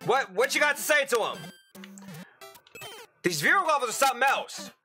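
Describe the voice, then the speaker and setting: A young man giving excitable gameplay commentary as a channel host, breaking into loud frustrated outbursts and crude jokes. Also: very high-pitched, moderate pace, soft background music.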